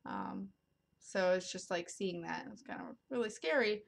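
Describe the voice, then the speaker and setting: A woman's voice: medium pitch, moderate pace, creaky. A woman vlogger telling a story to camera in a casual, rambling way, with lots of ums and likes. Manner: rambling, filler-heavy, many ums and likes.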